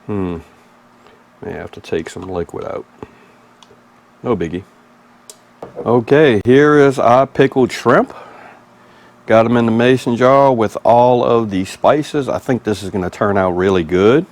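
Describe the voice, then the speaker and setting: A man's voice: mid-range voice, measured pace, long pauses, a little mellow. A man with a Mississippi Southern accent hosting a casual cooking vlog in a folksy, easygoing, chatty way. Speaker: cooking channel host.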